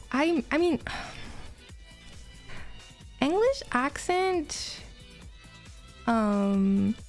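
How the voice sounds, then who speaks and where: A woman's voice: on the high side, a little mellow. A woman with a Quebec French accent, a native French speaker, chatting casually on a livestream, greeting and thanking viewers between stories.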